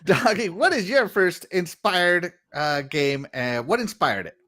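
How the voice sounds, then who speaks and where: Man hosting, swooping lively pitch. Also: a little slow. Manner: laid-back, laughing, reads comments aloud. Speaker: podcast host. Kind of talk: casual chat, reading viewer comments.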